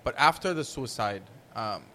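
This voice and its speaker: A man's voice: medium pitch, animated, normal speed, sharp tone, a little hiss or hum. A man hosting a podcast, joking easily with his guest. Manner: joking, easygoing. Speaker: podcast host. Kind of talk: casual conversation.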